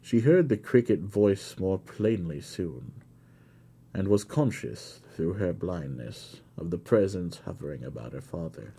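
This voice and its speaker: Deep husky guy reading an old book on stream, slow and lively pitch. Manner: measured storytelling. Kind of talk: reading a classic novel aloud.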